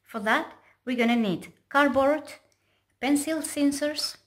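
A woman's voice: high voice, slow. A woman reading a picture book aloud for children and asking them questions. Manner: gentle storytelling with questions to children.

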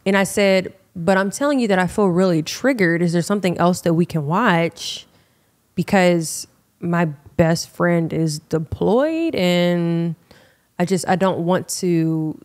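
A young woman hosting a podcast, telling a personal story in a frank, animated, casual way and calling her listeners y'all. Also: on the low side. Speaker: podcast host.

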